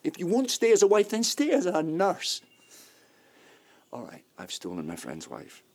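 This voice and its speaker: A husky, gravelly rogue in a radio play, guilt-ridden and charming. His pitch leaps and falls widely as he swings between pleading and wry, self-mocking jokes. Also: wildly swooping pitch, normal speed, darkish tone, heavily acted. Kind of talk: radio drama acting.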